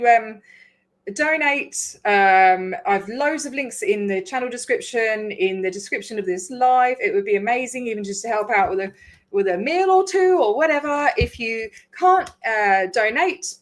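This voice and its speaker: A woman with an English accent touched by an Australian twang hosts a loose live stream. Her voice sits a little high, and she talks in a chatty way, laughing often and dropping casual swears. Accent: English with a slight Australian twang. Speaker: livestream host.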